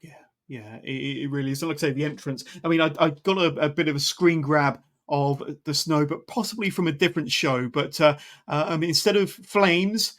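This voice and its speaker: A man hosts a casual podcast interview with an enthusiastic, rambling delivery full of fillers. His voice sits fairly high for a man. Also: fairly quick, a bit bright. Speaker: podcast host.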